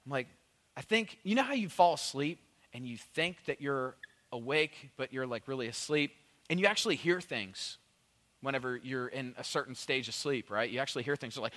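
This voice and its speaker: A man in his thirties telling rambling, animated comic stories to an audience, full of "like" and "you know". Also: medium pitch, a little fast, big-room sound. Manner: rambling, animated, heavy on "like" and "you know", bursts of loud excitement. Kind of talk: conversational storytelling, comic monologue.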